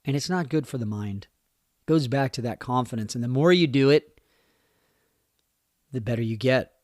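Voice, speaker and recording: With a mid-range, slightly mellow voice, a middle-aged podcast host and youth coach gives a heartfelt motivational monologue on growth and communication. He leans on key phrases throughout. The recording is dry and studio quality.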